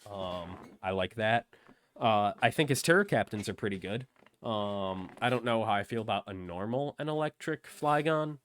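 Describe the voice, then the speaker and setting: A man's voice: lowish voice, lively intonation, moderate pace, fairly bright tone, a little hiss or hum. A man hosting a casual discussion, talking in a hesitant way with many ums. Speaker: host.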